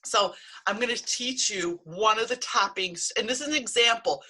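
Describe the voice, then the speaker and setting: A woman's voice: medium pitch, normal speed, pushed and bright, breathy edge. A middle-aged woman, a healing practitioner and coach, giving a blunt, emphatic motivational talk to camera and swearing freely.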